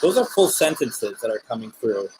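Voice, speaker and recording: A man hosting a live spirit box stream, talking gently with viewers and politely calling on spirits. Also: mid-range voice, big pitch swings, moderate pace, heavy background noise.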